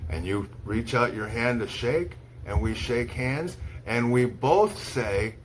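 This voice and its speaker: Male ESL teacher from the US, slow and low, careful deliberate delivery, faint hiss behind. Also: animated. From United States. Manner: slow, deliberate, repeats words one by one for dictation. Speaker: English teacher. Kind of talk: slow, clearly spoken ESL lesson.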